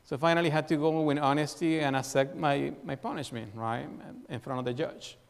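A man's voice: on the high side, fairly even intonation, fairly quick, creaky. Male pastor, sermon, asks the congregation questions, says "right?" often, long hall reverb. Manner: tells a personal story as an illustration.

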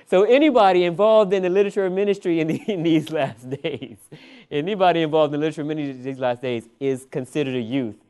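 A male preacher telling a personal story in a sermon, animated and often laughing, drawing "Amen" responses. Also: fairly high pitch, quick pace, clean tone.

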